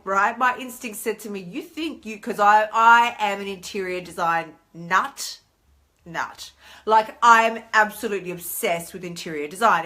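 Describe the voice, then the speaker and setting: Bright chatty Australian woman. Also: mid-range voice. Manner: chatty and animated, acts out inner voices. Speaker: weight-loss coach hosting a live stream. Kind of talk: casual live-stream talk.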